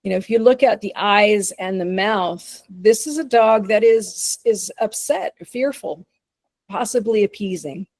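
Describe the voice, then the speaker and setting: A woman presenting a webinar on dog behavior talks in a loose, chatty manner with plenty of fillers and easy laughs. Her voice has a gravelly, creaky texture at a middle pitch. The sound is dry with no room echo. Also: unhurried, darkish tone. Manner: chatty, informal, laughs often, many fillers.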